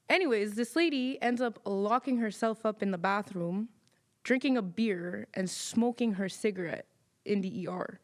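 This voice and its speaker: Animated woman telling workplace stories. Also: medium pitch, normal speed. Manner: animated storyteller, swears freely, acts out quoted people. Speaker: podcast co-host. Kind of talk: casual chat.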